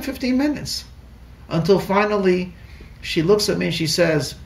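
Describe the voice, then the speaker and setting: A man, a rabbi, telling a story in a sermon, halting and repeating words, heard in an echoey room from a distant mic. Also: high-pitched, gravelly. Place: lecture room in a Torah center.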